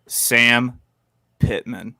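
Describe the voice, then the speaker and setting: A man co-hosting a podcast in casual chat, animated and emphatic, often stopping to restart with "uh" and "um". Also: mid-range voice, extremely slow, gravelly, no echo, studio quality. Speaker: podcast co-host.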